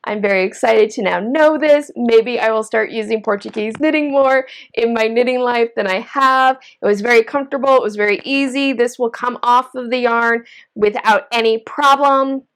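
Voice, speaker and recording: A woman's voice: a little high, moderate pace, clear, resonant tone. A woman hosting a knitting video, chatting casually while she demonstrates, enthusiastic and gushing with frequent exclamations.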